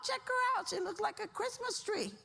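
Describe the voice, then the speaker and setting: A woman voicing cocky young street guys who tease in slang, raising her voice higher for them. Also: moderate pace, gravelly, sharp tone, heavily acted. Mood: teasing.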